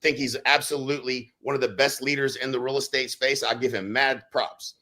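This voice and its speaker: A man speaks in a bright, forceful voice. He talks casually and keeps things animated, breaking into loud acted-out quotes as he tells stories on a podcast. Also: mid-range voice, a little fast. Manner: animated, acts out quotes with sudden loud bursts. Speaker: real estate brokerage leader on a podcast.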